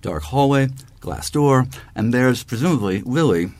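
A man reading a poem in a measured, deliberate way. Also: mid-range voice, lively intonation, darkish tone, no room sound. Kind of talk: poetry reading.

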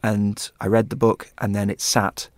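A man's voice: lowish voice, little pitch movement, normal speed, no room sound, studio quality. A man chatting as a guest, telling an enthusiastic story about a book. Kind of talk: casual chat.

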